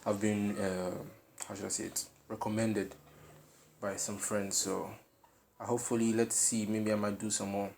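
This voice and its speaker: A man's voice: lowish voice, little pitch movement, normal speed, vocal fry, darkish tone, a little hiss or hum. A man hosting a reaction video, commenting casually and laughing, often repeating words while he searches for them.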